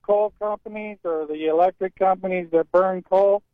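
A man's voice: high-pitched, fairly even intonation, normal speed, no room sound. A man calling in to a talk radio show, grumbling about politics in plain-spoken talk. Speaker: radio caller. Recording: tinny phone line.

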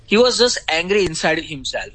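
A middle-aged man with an Indian accent, a grieving father answering interview questions in a halting way with many pauses. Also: fairly high pitch, big pitch swings, fairly bright tone, rough recording.

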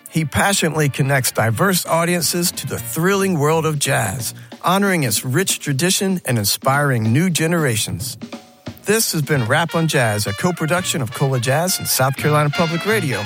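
A man's voice: a little high, lively intonation, normal speed, fairly bright tone, faint music behind. A man hosting a short scripted radio segment with a polished, enthusiastic announcer delivery. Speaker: radio host.

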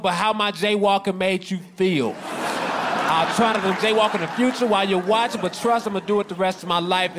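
A man tells a stand-up story in a fairly high voice with dry, sardonic timing. Clear background noise runs under the live recording. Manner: sardonic, conversational, sliding into mocking voices. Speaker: stand-up comedian.

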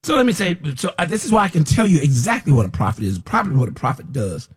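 Husky-voiced man preaching scoldingly. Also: a little high, very animated, quick pace. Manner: scolding, repetitive, rising to near shouts. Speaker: self-described prophet. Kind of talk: preaching monologue.

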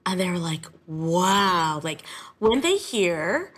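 A woman who teaches music, talking in an interview in a lively, emotional, chatty way. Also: lowish voice, slow pace. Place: classroom.

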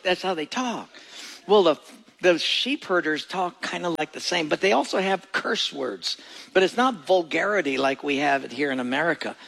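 A man's voice: high voice, vocal fry, fairly bright tone. A male pastor giving a sermon with folksy jokes and emphatic, storytelling delivery.

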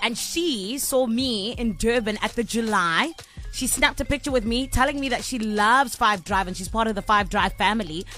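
A young woman radio host with a somewhat high voice, who spins a tale in a lively, teasing way. Her words play over a light music bed. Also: normal speed. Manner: animated, teasing storyteller. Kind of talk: playful radio banter.

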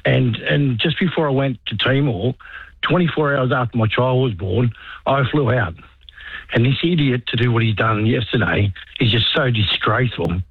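A man's voice: medium pitch, normal speed, creaky, slightly rough, no echo. An Australian man in his fifties, an army veteran calling in, indignant and blunt. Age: 50s. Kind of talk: talkback phone call. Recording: tinny phone line.

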